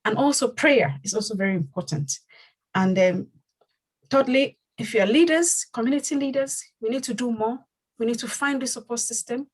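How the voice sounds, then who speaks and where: Husky-voiced woman hosting a community talk. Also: on the high side, moderate pace, rough recording. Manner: earnest, repeats phrases for emphasis. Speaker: community leader and host. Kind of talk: community panel discussion.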